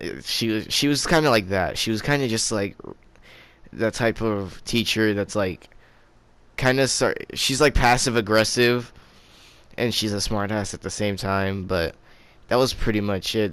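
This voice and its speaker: A man's voice: on the low side, a bit bright, clean tone, dry recording. Rambling teen guy telling a story. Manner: rambling, profane, restarts sentences. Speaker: vlogger. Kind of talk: casual storytime vlog.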